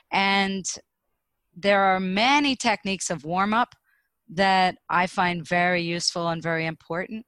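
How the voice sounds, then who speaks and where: Woman coach on a podcast showing voice warm-ups, middle pitch, dry sound. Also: no room sound. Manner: demonstrative, shows vocal warm-up exercises aloud. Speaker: speaking coach guest. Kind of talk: podcast interview.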